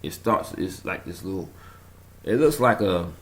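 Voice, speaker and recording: A man rambling through a casual vlog monologue, telling a story in an animated way, chuckling and trailing off while he searches for words. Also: low-pitched, unhurried. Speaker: conspiracy vlogger.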